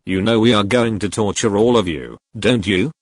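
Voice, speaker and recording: A man's voice: lowish voice, normal speed, no echo, lightly acted. A man voicing an arrogant young male gang thug in a fan-fiction reading, speaking in a smirking, taunting way. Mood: sneering.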